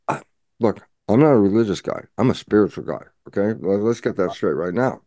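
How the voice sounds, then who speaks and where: A man's voice: lowish voice, animated, a little fast, dark tone, no room sound, studio quality. A man speaking as a guest scientist in an interview, explaining at length and acting out imagined back-and-forth dialogue.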